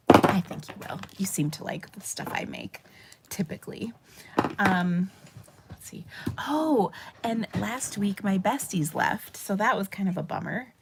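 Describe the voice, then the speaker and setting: A woman's voice: on the low side, vocal fry, background noise. A middle-aged woman with a Minnesotan accent, chatting casually and rambling on her craft livestream, with fillers and laughs. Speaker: papercraft livestream host.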